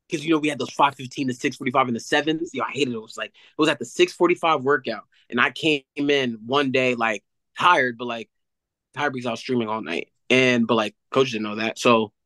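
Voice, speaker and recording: A young man, an athlete guest, telling a story in an animated casual way with many fillers. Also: medium pitch, no echo, low-quality recording.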